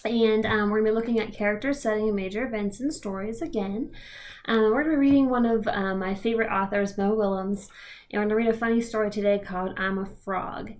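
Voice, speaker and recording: A woman kindergarten teacher giving a read-aloud lesson to young children, gently explaining with a few fillers. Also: mid-range voice, fairly even intonation, fast. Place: home, recorded for remote learning.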